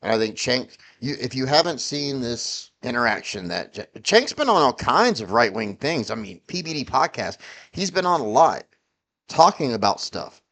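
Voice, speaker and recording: Middle-aged guy ranting on his vlog, swears a lot, keeps restarting his sentences, mid-pitched voice. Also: sing-song, normal speed, fairly bright tone. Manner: profane, heated, rambling with frequent restarts. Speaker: vlogger. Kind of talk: ranting political commentary.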